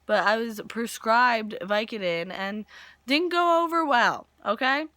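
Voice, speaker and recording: A woman in her twenties casually recapping a soap opera episode, animated and jokey, acting out characters' lines while losing her voice. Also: fairly high pitch, unhurried, no room sound. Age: 20s.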